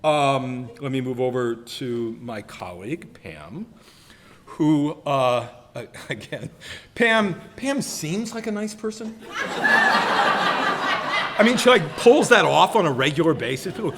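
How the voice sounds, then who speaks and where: A man's voice: on the high side, expressive, slow, background noise. A man in his sixties giving a self-deprecating roast speech, teasing colleagues with playful mock voices. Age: 60s. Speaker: retiring professor being roasted. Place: banquet hall.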